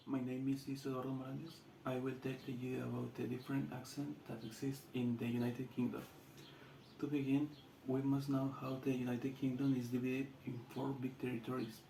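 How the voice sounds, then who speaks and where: A man with a Latin American Spanish accent, a student giving a class presentation in halting English with restarts. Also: mid-range voice, little pitch movement, vocal fry, warm tone, reverberant, slight background noise, rough recording.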